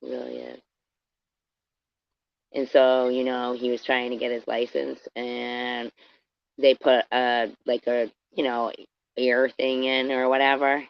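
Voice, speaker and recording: A woman's voice: extremely low pitch, level tone, takes it slowly, vocal fry, long pauses, no echo. A woman live-streaming, chatting casually with her viewers, rambling and swearing as she tells a story and greets people in the chat by name. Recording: dry, dull lo-fi stream audio.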